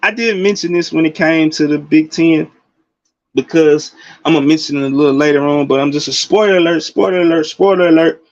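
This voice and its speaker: High-pitched guy in his 40s ranting about college football, slangy and loud, kinda muffled dry audio. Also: brisk, dry recording. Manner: animated, slangy, loud bursts and laughing asides. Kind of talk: casual sports commentary.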